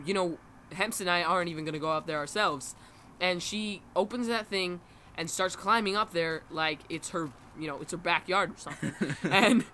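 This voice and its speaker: A man's voice: sits high, bright, forceful tone, a little hiss or hum. A teenage boy telling a funny story casually, acting out quotes and laughing often.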